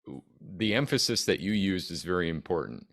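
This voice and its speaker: A man's voice: sits low, lively intonation, brisk, creaky, fairly bright tone. A man co-hosting a casual podcast who jokes, laughs easily and chimes in with his own take. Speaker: podcast co-host.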